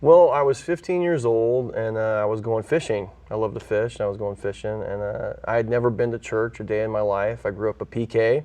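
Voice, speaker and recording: A man's voice: lowish voice, fairly even intonation, brisk, hardly any pauses, warm tone, recorded from a distance. A man from California, a pastor who is a guest on an interview show, earnestly telling his own story and acting out the voices he quotes. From California, USA.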